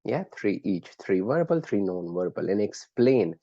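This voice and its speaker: Male lecturer for an online class, encouraging and conversational, dark husky tone, dull lo-fi call audio. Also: fairly low pitch, sing-song, measured pace, dry recording. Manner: conversational, quizzes students by name, encouraging. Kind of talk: live online class teaching.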